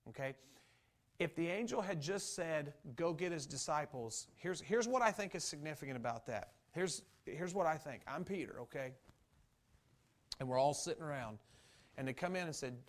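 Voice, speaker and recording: A man preaching a sermon as pastor, passionately acting out biblical dialogue and swinging from loud to hushed. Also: fairly high pitch, lively intonation, normal speed.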